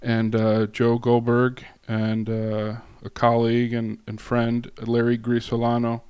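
Halting man giving a casual class talk. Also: mid-range voice, completely flat delivery, darkish tone, clear, resonant tone, dry recording. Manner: halting, many fillers and restarts. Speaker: guest lecturer.

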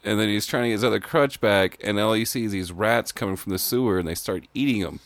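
A man's voice: on the low side, fast talker, no echo. A man co-hosting a casual podcast, retelling a movie scene with frequent swearing and laughs. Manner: profane, laughing storyteller. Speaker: podcast co-host.

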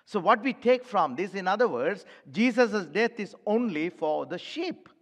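High-voiced pastor preaching in a reverberant hall. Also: male voice, lively intonation, unhurried, muffled recording. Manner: emphatic preaching, addresses congregation as church. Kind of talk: sermon. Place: church sanctuary.

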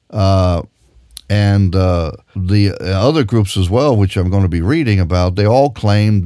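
A man's voice: fairly low pitch, a little mellow, dry recording, studio quality. A man preaching a sermon with emphatic, insistent delivery, reading scripture aloud and explaining it.

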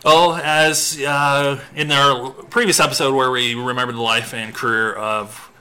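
A man's voice: mid-range voice, fairly even intonation, unhurried, pushed and bright. A man hosting a podcast, chatting casually and teasing, laughing often. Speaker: podcast host. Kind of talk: casual comedic banter.

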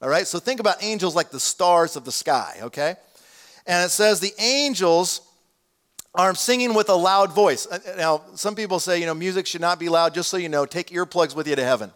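A man's voice: high-pitched, moderate pace. A man preaching a sermon in a conversational way, rising in volume when he reads scripture aloud. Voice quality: damaged hearing, says so. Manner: conversational preaching, swells loud on quoted scripture. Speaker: pastor.

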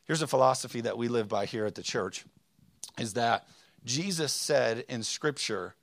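A man's voice: medium pitch, moderate pace, dry recording. A man in his thirties preaching a sermon, telling a personal story with plenty of fillers and self-deprecating asides. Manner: rambling, self-deprecating, frequent fillers and restarts. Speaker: pastor.

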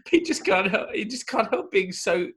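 A man's voice: high voice, sing-song, slow pace, a bit bright, slightly rough. A man talking enthusiastically about a movie character on a podcast, often trailing off mid-thought. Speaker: podcast co-host. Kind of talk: casual movie-review chat.

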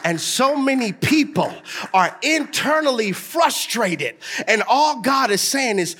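High, lively, bright-voiced preaching man. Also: slow. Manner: animated preaching, call-and-response with the congregation; swings between soft storytelling and shouted, half-sung exhortation. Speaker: pastor. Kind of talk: sermon. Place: church sanctuary with a live congregation.

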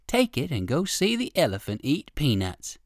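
A storybook narrator voicing a kind, polite old gentleman rabbit who speaks gently and without hurry. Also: mid-range voice, wildly swooping pitch, normal speed, no room sound, studio quality.

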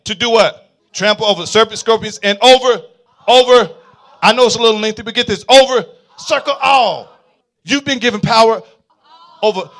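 A male pastor preaching a sermon in a call-and-response style, swinging from quiet murmurs to fervent shouts. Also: high-pitched.

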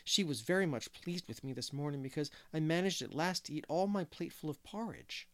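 A man's voice: fairly high pitch, a little fast, lightly acted. A man voicing an eager, earnest little boy with old-fashioned, polite phrasing in a storybook reading.

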